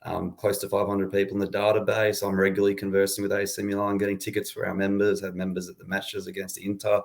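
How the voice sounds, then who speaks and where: Deep, flat-voiced young Australian man. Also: fast, gravelly. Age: 20s. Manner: relaxed, chatty, laughs easily. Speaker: guest, supporters' club founder. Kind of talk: casual podcast interview.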